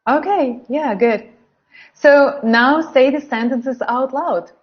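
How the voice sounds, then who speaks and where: A woman teaching English pronunciation in an online webinar, slowly exaggerating sounds and reading practice sentences for learners to repeat. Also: high-pitched, dull audio. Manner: slow, carefully exaggerated pronunciation drills.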